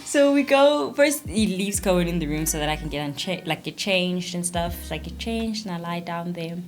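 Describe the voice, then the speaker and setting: Young woman with a slightly low voice, chatting on a vlog. She tells the story in an animated way, full of "like" and acted-out quotes. Faint music plays behind her. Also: moderate pace. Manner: animated storytelling, many fillers, acts out quotes. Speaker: vlogger, expectant mother. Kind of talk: casual chat.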